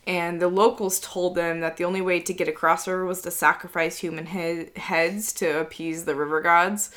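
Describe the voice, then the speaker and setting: A woman's voice: on the low side, level tone, normal speed, a bit bright. A woman in casual podcast chat, telling a history story with lots of "like" fillers and easy laughs. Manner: chatty storytelling, many "like" fillers, laughs often.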